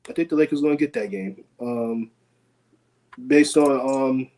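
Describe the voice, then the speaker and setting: A man co-hosting a casual sports podcast, laid-back, filling pauses with lots of ums. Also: medium pitch, dark tone, low-quality recording. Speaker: podcast co-host.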